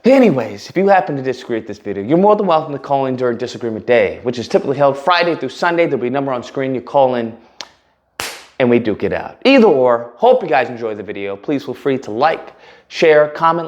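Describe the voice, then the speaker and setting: A man's voice: mid-range voice, sing-song, fast talker, dull audio. A man hosting a commentary vlog, talking emphatically and sarcastically and repeating his points. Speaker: channel host.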